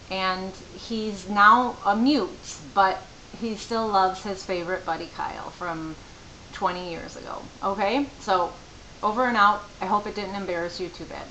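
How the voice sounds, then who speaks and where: Chatty middle-aged mother with a bright voice. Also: medium pitch, moderate pace, muffled recording. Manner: rambling, chatty, with fillers and asides. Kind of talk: casual storytelling to camera. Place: home room. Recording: echoey room with faint hiss.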